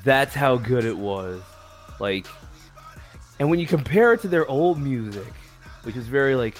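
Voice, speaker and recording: A man who is a guest on a podcast, chatting casually and saying "like" often. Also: mid-range voice. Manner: relaxed, uses "like" a lot.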